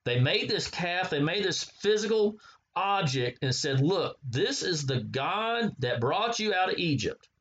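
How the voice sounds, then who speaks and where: A man preaching a Bible sermon, halting often with fillers and repeated words as he reads and explains scripture. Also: high voice, sing-song, fairly bright tone, slightly rough, rough recording.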